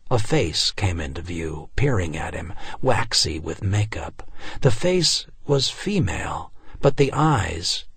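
A man narrating a novel as an audiobook, telling it in a measured, expressive way with dramatic dips and rises. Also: low voice, gravelly, husky, no room sound.

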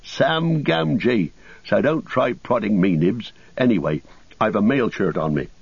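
Man reading as an earnest young hobbit lad, plain-spoken, husky voice, lo-fi sound. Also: lowish voice, animated, moderate pace, dry recording. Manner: plain homely speech. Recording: dull lo-fi recording.

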